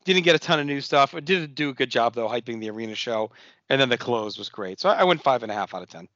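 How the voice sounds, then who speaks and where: Bright-voiced man recapping, dull sound. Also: mid-range voice, fast talker, dry recording. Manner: relaxed recap, swears freely. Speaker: podcast co-host. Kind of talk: casual chat recapping wrestling shows.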